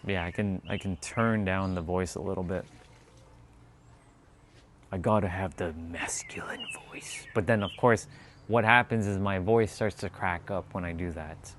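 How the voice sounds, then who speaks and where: Guy rambling on a stream, lots of likes and ums, low voice, bit of birds and outdoor noise behind. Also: fairly even intonation, normal speed, a bit bright. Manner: rambling, filler-heavy, laughs easily. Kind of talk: casual chat, reading viewer comments.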